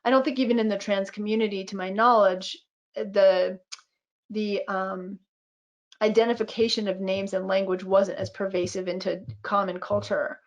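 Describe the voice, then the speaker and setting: A woman's voice: medium pitch, level tone, moderate pace, muffled recording. A woman in her fifties, a physician and midwife, speaking on a webinar video call in a reflective, storytelling way with frequent fillers. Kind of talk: webinar conversation.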